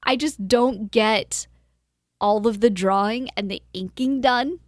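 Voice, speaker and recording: A woman's voice: a little high, slow pace, no echo, clean studio sound. A woman co-hosting a podcast in casual chat, rambling with lots of fillers and acting out her own quotes. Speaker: podcast co-host.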